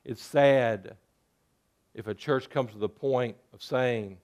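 A man's voice: mid-range voice, takes it slowly, a little mellow. A man preaching a sermon as pastor, talking conversationally and putting rhetorical questions to his listeners.

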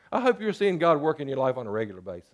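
A man's voice: fairly high pitch, very animated, fast. A man preaching a sermon as pastor, talking conversationally and putting rhetorical questions to his listeners.

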